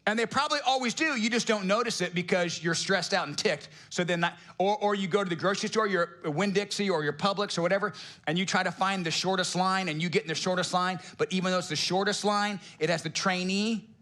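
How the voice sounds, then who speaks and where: A middle-aged male pastor preaching a sermon with a somewhat high-pitched voice. His delivery is casual and joking. He keeps turning to the congregation with rhetorical questions. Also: quick pace, bright, forceful tone.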